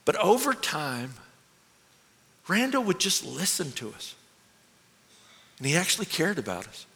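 Man, theatrical storyteller, expressive, self-mocking, long hall reverb. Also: a little high, measured pace. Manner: expressive and animated, with nervous self-mocking laughs. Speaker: stage storyteller. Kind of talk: theatrical stage monologue.

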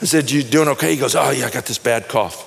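A middle-aged man preaching a sermon in a conversational, animated way, telling stories and often repeating words as he starts a phrase. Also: mid-range voice, fast, gravelly, big-room sound. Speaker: pastor. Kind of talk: sermon with storytelling.

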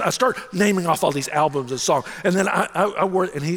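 A middle-aged man, a senior pastor, telling a self-mocking story in an animated way during a sermon. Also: fairly high pitch, quick pace, few pauses, in a large hall.

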